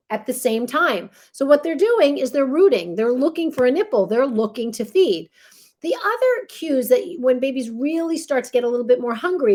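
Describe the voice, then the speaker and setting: A woman's voice: high voice, a little mellow. A woman teaching a baby care class, explaining step by step and checking in with her listeners through frequent tag questions as she demonstrates. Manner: demonstrates holds while talking.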